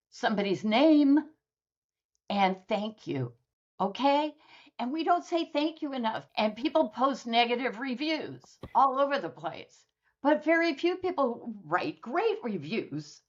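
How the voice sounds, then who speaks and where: A woman guest on a podcast telling stories in a lively, conversational way and acting out the people in them. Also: fairly high pitch, a little slow, dull audio. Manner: lively storyteller who acts out dialogue. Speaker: guest author.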